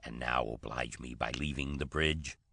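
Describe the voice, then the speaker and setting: A man's voice: rumbling low, normal speed, vocal fry, sharp tone, no room sound, studio quality, pitched below the performer's own voice, exaggerated voice. A man voicing a brusque ship commander who gives curt orders. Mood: commanding.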